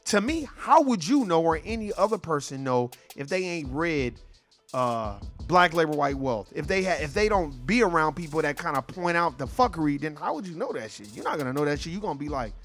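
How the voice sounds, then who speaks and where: A man's voice: a little high, animated, fairly quick, a bit bright, faint music behind. A man hosting a casual conversation, talking in a blunt, emphatic and profane way. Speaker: podcast host.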